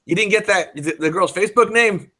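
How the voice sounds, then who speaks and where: A man's voice: high voice, brisk, bright, forceful tone, no room sound. A man hosting a casual podcast chat, blunt and opinionated, swearing freely.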